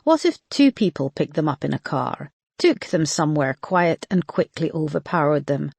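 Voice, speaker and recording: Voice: mid-range voice, normal speed, creaky, slightly rough, no room sound. A big, unflappable Scottish detective constable, laying out his theory in an easy, reasoning way, as an audiobook narrator puts him on. The read is close-miked and dry. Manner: relaxed, reasoning aloud. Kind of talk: audiobook character voice.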